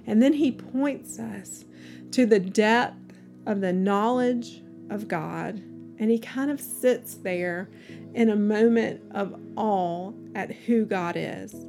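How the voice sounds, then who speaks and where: A woman giving a devotional Bible reading, reading in a measured, unhurried way with brief reflections between passages. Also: mid-range voice, darkish tone, soft background music. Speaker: scripture reader.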